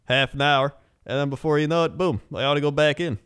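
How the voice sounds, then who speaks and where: A man's voice: a little high, fairly even intonation, fast, fairly bright tone, smooth. A young man co-hosting a podcast, chatting casually and joking, rambling with lots of fillers. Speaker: podcast co-host. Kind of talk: casual chat.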